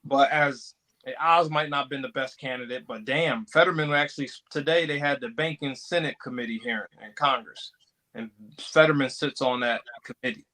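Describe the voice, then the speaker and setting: A man's voice: mid-range voice, steady tone, normal speed, bright, forceful tone, rough recording. A man in casual political chat who tells stories and acts out what others said. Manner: storytelling, acts out quoted remarks.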